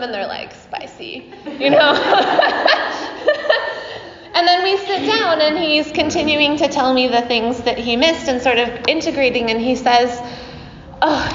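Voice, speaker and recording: A woman's voice: sits high, a bit bright, a little hiss or hum. Chatty woman yoga teacher, echoey hall. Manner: chatty, laughing often, many fillers. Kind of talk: dharma talk to a class. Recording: dull echoey hall recording.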